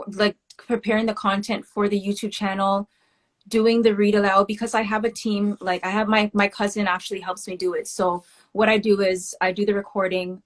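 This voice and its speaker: Woman guest, West Indian heritage, candid and animated storyteller, mid-range voice. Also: medium pitch. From West Indian family. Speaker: guest, children's book author. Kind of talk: casual interview talk.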